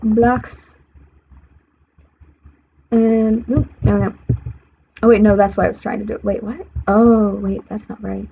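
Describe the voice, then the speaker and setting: A woman's voice: mid-range voice, level tone, normal speed, gravelly, pauses often, mellow. A young woman streaming a building game, rambling to herself as she works and often correcting herself mid-sentence. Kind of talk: casual gameplay commentary. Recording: slightly muffled stream audio, faint hiss.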